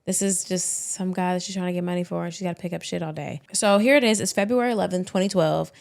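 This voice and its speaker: A woman's voice: fairly low pitch, quick pace, creaky, darkish tone. A woman co-hosting a podcast, riffing and storytelling in a slangy, playful true-crime chat. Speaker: podcast co-host.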